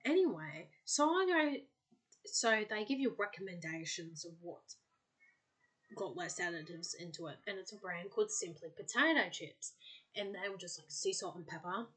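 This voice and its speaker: A woman's voice: on the low side, expressive, normal speed, a bit bright. A woman hosting a podcast, chatting casually and bubbly, with lots of filler words. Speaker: podcast host.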